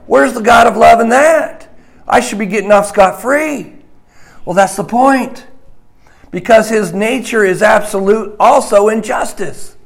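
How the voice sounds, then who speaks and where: A man preaching a sermon slowly and emphatically, dropping to a hushed voice on key points. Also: high-pitched, gravelly.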